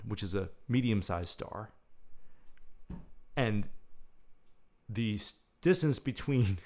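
Lively, musing man. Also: medium pitch. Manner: lyrical, musing, with thoughtful pauses. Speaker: podcast host. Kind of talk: reflective monologue.

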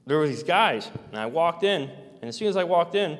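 A man telling a long personal story in a halting, rambling way, with many fillers and restarts. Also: a little high, animated. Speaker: storyteller recounting personal experiences. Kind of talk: rambling first-person account. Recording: long hall reverb.

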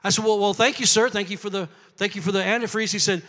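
A man preaching a sermon, telling a story quietly and then building to loud shouted calls to the congregation, recorded in a church sanctuary. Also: sits high, fairly quick, hardly any pauses. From grew up Pentecostal. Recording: long hall reverb.

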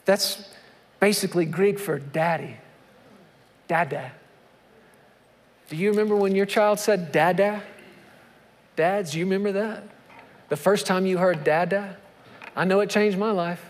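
A man preaching a sermon as a pastor, animated, swinging from quiet to shouted emphasis with long drawn-out phrases. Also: high voice. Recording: long reverb of a large hall.

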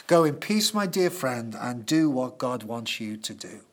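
A man voicing an old priest slowly and solemnly giving a blessing. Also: medium pitch, expressive, voice pushed down.

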